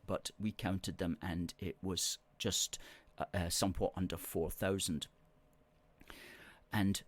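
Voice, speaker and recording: A middle-aged man hosts a live show, reading viewer comments aloud and answering with emphatic, repeated words. His voice sits fairly low. The recording is dry and close, with almost no room sound. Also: no echo. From Scotland. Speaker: host.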